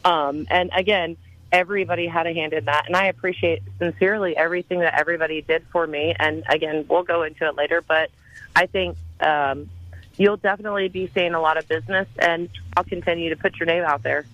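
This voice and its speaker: A woman's voice: on the low side, steady tone, a little fast, a bit bright, no room sound. A Southern woman, a real estate agent, gushes with thanks on a conference call, rambling and restarting. The line sounds dull and muffled, dry with no room around her. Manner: effusive, rambling, many restarts.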